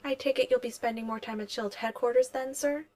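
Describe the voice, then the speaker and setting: A woman's voice: a little high, fairly even intonation, brisk, a little mellow, voice pushed up, natural voice. A woman reading the lines of a polite, dry-witted male household AI butler in a fan fiction audiobook, formal and deferential.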